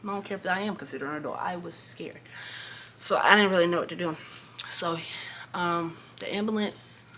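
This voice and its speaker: Bright-voiced eighteen-year-old woman vlogger. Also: lowish voice, moderate pace, a little hiss or hum. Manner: animated, emphatic storytelling with slang. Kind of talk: casual storytime vlog.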